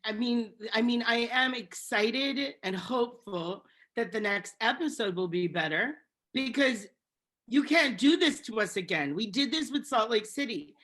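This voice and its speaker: A woman's voice: a little high, lively intonation, a little slow, fairly bright tone. A woman co-hosting a podcast, chatting casually and animatedly about reality TV, often laughing and restarting her sentences. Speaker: podcast co-host. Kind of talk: casual chat recapping reality TV.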